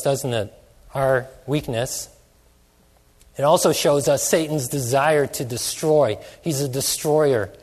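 Slow, measured preacher in echoing hall. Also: male voice, medium pitch, a little mellow. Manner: questioning, drawn-out emphatic phrases. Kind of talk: sermon. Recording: long hall reverb.

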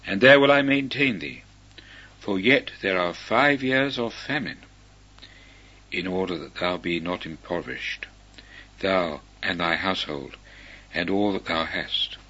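Man voicing Joseph, earnest forgiving governor, husky low voice, dull lo-fi sound. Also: expressive, a little slow, long pauses, sharp tone, full character voice. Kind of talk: slow measured scripture reading. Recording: dull lo-fi recording.

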